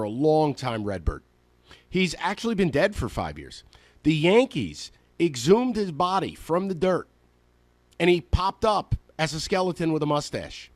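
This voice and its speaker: A sports radio host in full rant, sarcastic and emphatic. His pitch leaps around in lively swings, and he sits slightly high for a man. The studio mic is close and dry. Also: no room sound. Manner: animated, sarcastic, emphatic ranting. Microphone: studio microphone.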